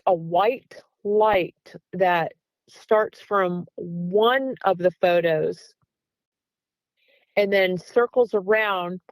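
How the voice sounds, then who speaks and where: A woman's voice: medium pitch, no room sound, poor audio. Woman guest, casual storyteller, mid voice, dry close recording, lots of "um" and "like". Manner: retells events by acting out back-and-forth dialogue; chatty, with frequent "um" and "like". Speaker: guest Bigfoot researcher.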